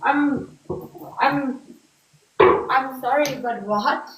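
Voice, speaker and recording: A woman co-hosting a live stream who jumps in with quick questions and apologetic asides. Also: high voice, fairly bright tone. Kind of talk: casual live-stream chat. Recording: echoey room with background noise and clicks.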